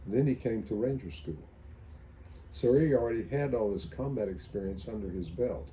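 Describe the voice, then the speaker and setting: A man's voice: on the low side, moderate pace, dark tone, a little hiss or hum, poor audio. Older man telling army stories. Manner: rambling anecdotal storytelling with restarts. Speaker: interviewee, veteran. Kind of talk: oral history interview.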